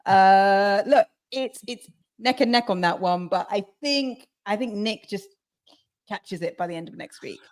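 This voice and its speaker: A woman's voice: medium pitch, unhurried. Chatty woman co-host. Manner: chatty, restarts, laughs easily. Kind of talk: casual chat.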